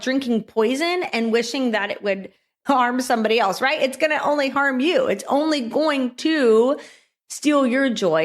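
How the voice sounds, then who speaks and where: A woman hosting a solo motivational podcast, talking earnestly and with affirming repetition. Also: medium pitch. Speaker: podcast host.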